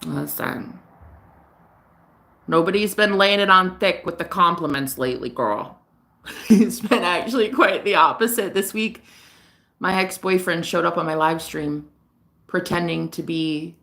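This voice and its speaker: A woman who works as a psychic reader, telling a personal story in a casual vlog, candid and lively, swearing now and then. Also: lowish voice, unhurried, gravelly. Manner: animated, candid, swears, laughs often.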